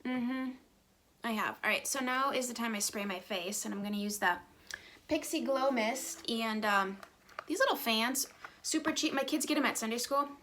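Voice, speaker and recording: A woman's voice: on the high side, normal speed, fairly bright tone, a little hiss or hum. A woman in her thirties chatting casually through a get-ready-with-me vlog, rambling and sometimes dropping to a whisper, filmed close on a phone at home. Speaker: beauty vlogger. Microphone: phone camera close up.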